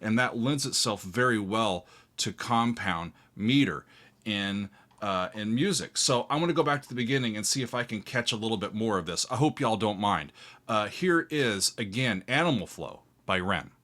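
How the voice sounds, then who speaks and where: A classical composer hosting a casual reaction show, explaining music theory, counting beats aloud and pausing often with fillers. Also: male voice, lowish voice, animated, fairly bright tone.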